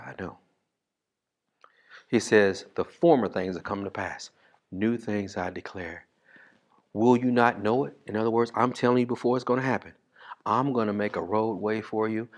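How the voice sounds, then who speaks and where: A male pastor preaching a sermon in a casual, call-and-response style, reading scripture slowly and swinging from loud bursts to hushed asides. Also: lowish voice.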